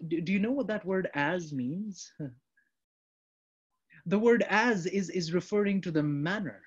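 A man preaching a sermon to a congregation, animated, acting out the prayers and replies he quotes. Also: high voice, moderate pace, pauses often, breathy edge. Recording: dull lo-fi sound.

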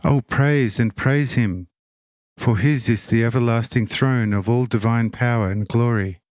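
A man voicing an enraptured, devout young woman who stammers out slow, awed exclamations as she sees heaven open. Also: mid-range voice, darkish tone, no echo, studio quality, natural voice. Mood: exultant.

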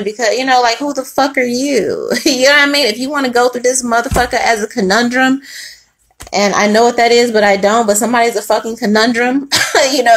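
A woman's voice: fairly high pitch, a bit bright. A woman giving a casual tarot reading, blunt and profane, laughing between lines and preaching in asides. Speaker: tarot reader.

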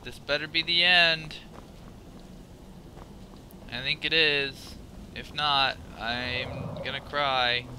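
A man giving live gameplay commentary, profane and excitable, thinking out loud and yelping at scares, with loud game sound under his voice. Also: mid-range voice, slow pace, long pauses, noisy background. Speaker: let's play gamer.

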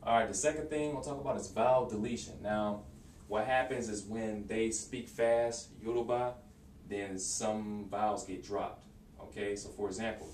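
A man's voice: on the low side, steady tone, a little mellow. Man teaching a casual language lesson, hesitant. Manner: casual, hesitant, with many fillers and restarts; repeats phrases slowly for practice. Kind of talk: informal video language lesson. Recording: roomy, distant home recording with faint hiss.

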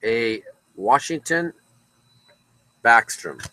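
Man, casual card break host, chatty, very bright tone. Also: mid-range voice, lively intonation, extremely slow, dry recording, low-quality recording. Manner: casual, chatty, talks to viewers by name. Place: card shop.

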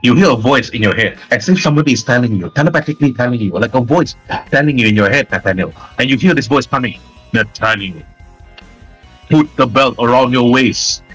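Husky-voiced man narrating a tabletop game. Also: mid-range voice, expressive, fast talker, fairly bright tone, soft background music. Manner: loose, rambling narration with fillers. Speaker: game master.

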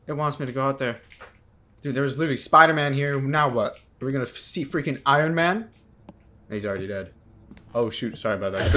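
A man's voice: medium pitch, fairly quick, music in the background. A young man giving horror game commentary, jumpy and slangy, yelping when startled and talking back to the game. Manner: slangy, keeps saying dude and bro. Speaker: gaming video host.

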